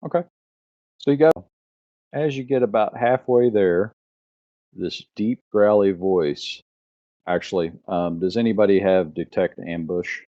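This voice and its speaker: A man who is the game master, describing scenes in a laid-back, halting way and asking the players what they do. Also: on the low side, warm tone, dry recording. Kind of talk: narrating a tabletop game. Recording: muffled lo-fi audio.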